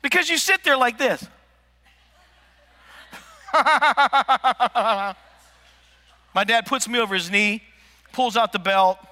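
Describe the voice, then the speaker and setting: A man preaching a comedic sermon, telling stories with lively asides to the congregation. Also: extremely high pitch, brisk. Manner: animated storytelling with asides to the congregation. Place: large church hall. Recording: echoey church hall.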